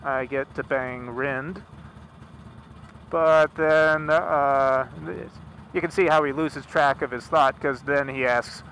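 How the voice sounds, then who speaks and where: A man's voice: mid-range voice, steady tone, slow, fairly bright tone, rough recording. A man casually retelling a myth from inside a car, rambling with chatty asides. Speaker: storyteller. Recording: car engine noise behind.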